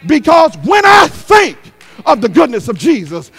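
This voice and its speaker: A middle-aged man delivering a fiery sermon in a strikingly high voice. His pitch rises and falls dramatically as he repeats his phrases in a call-and-response rhythm. He moves between shouted peaks and quick, quiet asides. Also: huge pitch swings, gravelly, husky, some chatter behind. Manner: fiery preaching that swings between shouts and hushed, fast asides; repetitive call-and-response cadence. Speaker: guest preacher.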